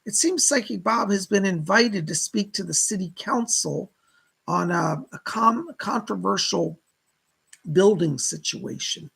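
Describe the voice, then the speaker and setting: A middle-aged man hosts a live psychic stream and chats to his viewers. His voice is heavily gravelly and rough, with a husky edge. He gushes and exclaims all the way through. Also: high-pitched, animated, measured pace, fairly bright tone, poor audio. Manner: gushing, chatty, full of exclamations. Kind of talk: casual live-stream chat.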